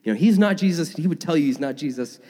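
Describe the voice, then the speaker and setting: Energetic male pastor in a reverberant hall. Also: on the high side, fast talker. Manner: energetic, enthusiastic with filler words. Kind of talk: sermon. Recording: long reverb of a large room.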